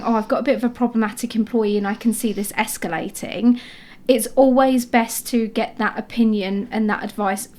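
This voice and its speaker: A woman's voice: a little high, darkish tone. Frank woman giving HR advice. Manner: frank, chatty, advising listeners directly. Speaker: HR adviser and podcast co-host. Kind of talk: casual advisory chat.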